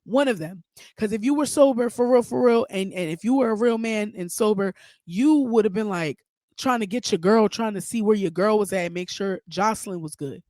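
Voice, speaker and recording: A woman hosting a podcast, giving outspoken, animated, profane commentary. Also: mid-range voice, fairly quick, dry recording, studio quality. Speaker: podcast host. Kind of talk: casual commentary.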